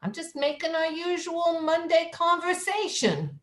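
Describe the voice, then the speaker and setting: A woman's voice: very high voice, expressive, unhurried, a bit bright, roomy sound, full character voice. A woman voicing a pushy, sardonic woman on a stoop, read as improvised comedy over a video call. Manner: pushy, sardonic street heckling.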